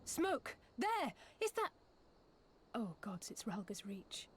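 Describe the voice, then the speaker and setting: A woman's voice: a little high, big pitch swings, slow pace, breathy edge, heavily acted. An actress voicing a woman warrior in a game cutscene, giving urgent, clipped battle calls. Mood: alarmed.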